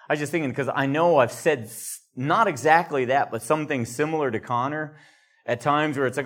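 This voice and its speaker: A man leading a conversational Bible study, explaining verses in a relaxed way with chatty asides. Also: on the high side, brisk.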